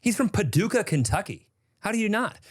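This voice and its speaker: A man co-hosting a podcast in casual chat, joking and bantering with lively intonation. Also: high voice, a little fast, husky. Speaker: podcast co-host.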